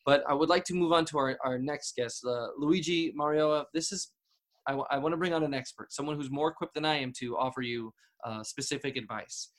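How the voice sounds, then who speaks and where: A man's voice: a little high, fairly quick. A man hosting a parody advice show, overly polite and hesitant, with many restarts. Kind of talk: mock talk-show hosting.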